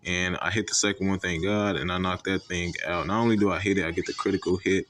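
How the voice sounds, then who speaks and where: A man's voice: low voice, fairly even intonation, fast, a bit bright. A young man giving casual, profane commentary on his own competitive games, brash and full of fillers. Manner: brash, profane trash-talk with frequent fillers. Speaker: gaming commentator.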